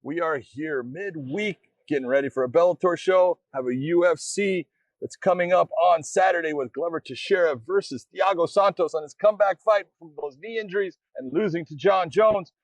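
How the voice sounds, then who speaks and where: A man's voice: a little high, moderate pace, no room sound. A middle-aged man co-hosting a podcast, telling stories and acting out quotes in casual chat. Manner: animated storyteller, acts out quotes. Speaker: podcast co-host.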